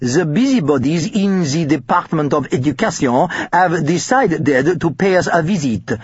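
A man's voice: a little high, expressive, normal speed, husky, no room sound. Guy doing a snappy bald french teacher, thick put-on french accent, dull audiobook sound. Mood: stern. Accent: exaggerated French. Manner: curt, barking. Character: short-tempered bald male French teacher. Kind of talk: audiobook character voice.

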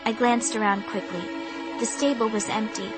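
A woman reading a spooky first-person story aloud in a measured, suspenseful way, with music behind her. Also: fairly high pitch, fairly even intonation. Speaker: audiobook narrator. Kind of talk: first-person audiobook narration.

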